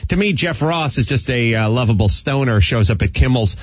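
A man's voice: medium pitch, expressive, brisk, husky, dry recording. A man hosts a talk radio show and rambles through jokes and asides in a loose, casual way. His voice sounds close and dry. The sound is a bit dull. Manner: joking, rambling.

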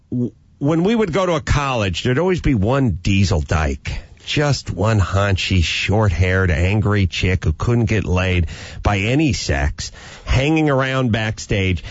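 A man hosting a comedic talk show, telling stories in a loud, ranting way. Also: medium pitch, dry recording, lo-fi sound. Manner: animated, ranting storyteller. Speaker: podcast host. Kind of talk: casual comedic rant.

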